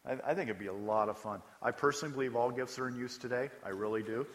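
Conversational pastor preaching in a hall. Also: male voice, mid-range voice, fast. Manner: conversational, emphatic, asks the congregation questions. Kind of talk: sermon.

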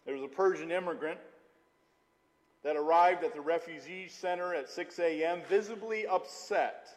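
A middle-aged male pastor delivers a sermon in a fairly high voice, moving between teaching and lively personal stories. He pauses often on "uh" as he speaks. His voice rings with the long reverb of a large hall. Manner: storytelling, animated, with frequent "uh" fillers.

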